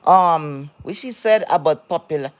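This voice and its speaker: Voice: medium pitch, unhurried, no echo. An online commentator in a heated monologue rant, blunt and profane, repeating words for emphasis and firing rhetorical questions at the viewers. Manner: talks to the audience directly with rhetorical questions.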